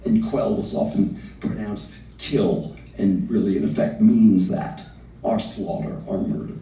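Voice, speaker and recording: A man teaching a livestreamed literature lesson, animated and reading verse slowly and dramatically. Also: fairly low pitch. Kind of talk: livestreamed lecture. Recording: roomy, from far off the mic.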